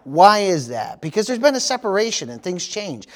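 A man's voice: high voice, very animated, moderate pace. A middle-aged man from the United States preaching a sermon as pastor, peppering his talk with "praise the Lord" and "amen.".

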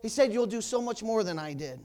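A male pastor preaching a loud, fiery sermon in church, punctuated with hallelujahs. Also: high-pitched, animated, brisk, clear, resonant tone.

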